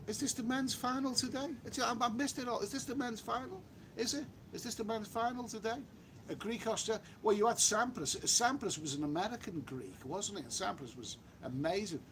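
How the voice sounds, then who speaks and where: A man's voice: high-pitched, a little fast, fairly bright tone, slight background noise. An English man chatting casually on a live stream outdoors by the beach, rambling with frequent restarts and the odd mild swear word. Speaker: travel vlogger live-streaming. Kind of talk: casual live-stream chat reading viewer comments.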